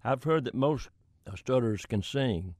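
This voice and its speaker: A man's voice: mid-range voice, lively intonation, moderate pace, a little mellow, no room sound, clean studio sound. An older man from Florida, telling folksy stories from his career in an interview. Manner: folksy anecdotal storytelling with chuckles. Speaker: country singer-songwriter guest. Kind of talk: storytelling in an interview.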